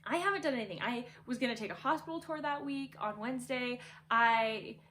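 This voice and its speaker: A woman's voice: fairly high pitch, a little fast, sharp tone. A young woman casually telling a birth story from her bedroom, chatty and laughing, full of "like".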